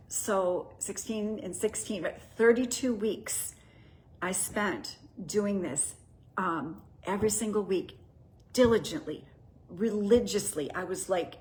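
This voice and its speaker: A woman's voice: mid-range voice, takes it slowly, a little mellow. Earnest middle-aged woman telling her story. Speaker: host. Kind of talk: personal testimony talk.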